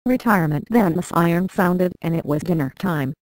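A computer-generated woman's voice reading a memoir aloud in a flat, synthetic way with odd word stresses. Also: lowish voice, moderate pace, no echo, rough recording. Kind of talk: text-to-speech narration of a memoir.

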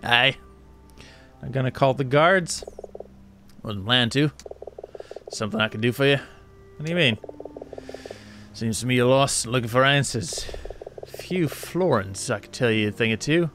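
A man voicing a gruff, streetwise male rodent trader in a fantasy game, with a rough folksy accent and sailor-like slang. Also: mid-range voice, moderate pace, pauses often, over music, lightly acted. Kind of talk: reading game dialogue aloud in character.

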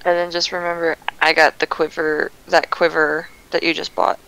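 Bright, crisp-voiced tabletop player. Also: medium pitch, flat delivery, normal speed, poor audio. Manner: restarts, stammers. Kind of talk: tabletop game banter.

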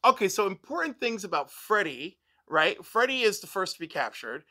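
A woman on a film review panel, chatting casually and retelling scenes animatedly. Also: normal speed. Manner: animated, retells scenes and acts out characters' lines in a higher voice.

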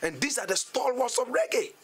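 A man's voice: very high-pitched, sing-song, brisk, crowd noise. A Ghanaian man, a musician, talking animatedly in a radio interview and slipping local phrases into his English. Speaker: guest musician.

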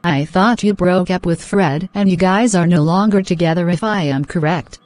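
A woman voicing a stern, caring middle-aged mother in an animated drama, firm and lecturing. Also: lowish voice, moderate pace, no echo, natural voice. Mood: calm questioning.

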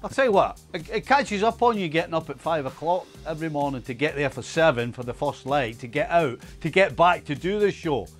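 A man's voice: a little high, lively intonation, brisk, few pauses, a bit bright, faint music behind. Wry grumbling middle-aged man. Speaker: football pundit, former player. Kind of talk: casual studio chat.

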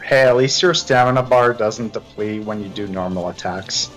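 A man's voice: on the low side, normal speed, a bit bright, soft background music, poor audio. A man talking casually about video games with friends, easygoing and a little jokey. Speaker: gaming group member. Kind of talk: casual gaming chat.

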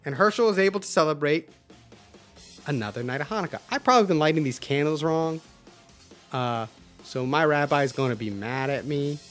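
A man hosts a livestream and tells a playful story casually, his voice rising and falling with lots of life. Faint music sits quietly behind him. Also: on the high side, lively intonation, fairly quick. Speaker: livestream host.

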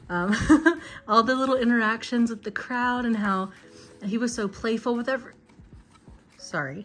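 A young woman talks her way through an unboxing in a chatty, gushing way, often overcome with excitement. Her voice sits at a middle pitch, and soft music plays faintly behind her. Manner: gushing, emotional, chatty fan talk. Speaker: vlogger. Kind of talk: casual unboxing chat.

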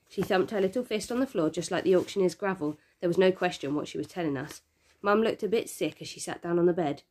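A woman teacher reads a children's novel aloud with steady, expressive storytelling. Her voice sits a little low for a woman. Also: a little fast.

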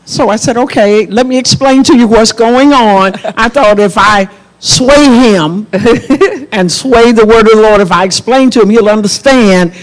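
Middle-aged woman, minister and host, measured teaching delivery. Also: on the high side. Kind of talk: faith talk show conversation.

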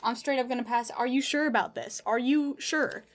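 A young American woman streamer opens fan mail in a casual, excited unboxing vlog, gushing, squealing with joy and nearly crying as she reads the letters aloud. Her voice is on the high side and she speaks at a moderate pace.

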